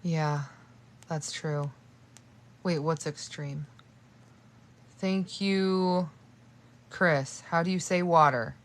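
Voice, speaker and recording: Late at night, a sleepy young woman livestreams from bed on her phone in her bedroom, rambling and swearing casually. Her voice sits low and moves extremely slowly, with long pauses.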